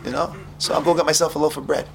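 A man teaching yeshiva students, telling a parable in an animated, conversational way with many fillers. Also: a little high, rapid-fire, gravelly, slight background noise. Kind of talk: storytelling sermon.

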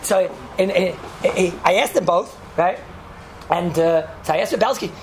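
A man talks quickly through a casual Torah lesson. He rambles and restarts, slipping Hebrew and Yiddish words into his English. Faint background noise sits under his voice. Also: high-pitched. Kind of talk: casual Torah talk with storytelling.

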